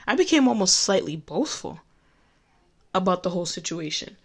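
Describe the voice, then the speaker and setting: A woman's voice: on the low side, sing-song, slightly rough. Candid woman sharing a faith testimony. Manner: candid and conversational, with emphatic slowed phrases. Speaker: Christian speaker giving a testimony. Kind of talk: personal faith talk.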